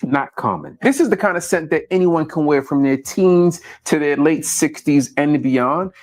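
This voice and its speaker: A man's voice: fairly high pitch, moderate pace. A man reading a scripted fragrance review with a hyped, salesy delivery.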